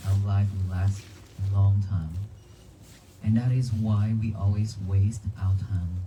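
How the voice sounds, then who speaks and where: Speaking unhurriedly in a fairly low, dark, steady voice, a monk whose first language is Vietnamese delivers an earnest sermon to people gathered in a church cemetery. He keeps his phrasing simple and asks them questions. The recording is rough, with slight background noise.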